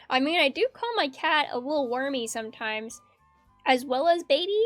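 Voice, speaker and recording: Woman, art streamer, high-pitched and giggly, loose rambling chat, dry close sound. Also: lively intonation, measured pace, a bit bright, dry recording. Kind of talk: casual chat while drawing. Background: faint background music.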